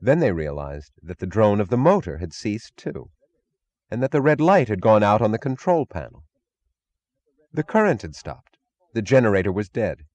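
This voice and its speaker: A man narrates an audiobook in a deep, low voice. His reading is measured but dramatic, rising and falling across a wide range of pitch. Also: sing-song, a little mellow, no room sound. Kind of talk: scripted narration.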